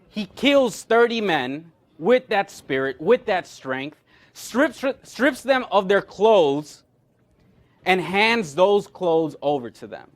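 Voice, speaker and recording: High-voiced man preaching a lively sermon. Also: slow pace. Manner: animated, acts out quoted characters. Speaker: pastor. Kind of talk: sermon storytelling.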